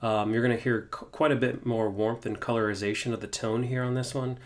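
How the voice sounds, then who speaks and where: A man's voice: medium pitch, fairly quick. A man hosting a guitar amp tutorial, talking casually with lots of "uh"s and restarts. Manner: relaxed, many fillers and restarts. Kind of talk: casual gear demonstration.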